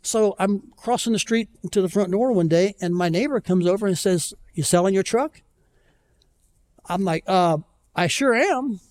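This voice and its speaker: A man preaching a conversational sermon as pastor, telling stories with self-deprecating humor and slowing down to plead earnestly. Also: high-pitched, darkish tone. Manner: conversational storytelling, self-deprecating, pleading slowly at key points. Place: church.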